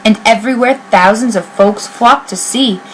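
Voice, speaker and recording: A woman reading a children's picture book aloud in an expressive, sing-song rhyming voice. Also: on the high side, normal speed, a little hiss or hum, poor audio. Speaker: reader.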